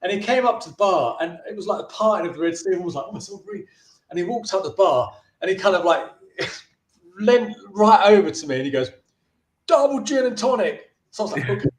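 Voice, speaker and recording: High-voiced man telling a chatty story. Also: expressive, fast talker, reverberant. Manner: chatty, with frequent restarts and brief put-on voices for the people in his stories. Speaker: filmmaker interviewee. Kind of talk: anecdotal storytelling in a casual interview.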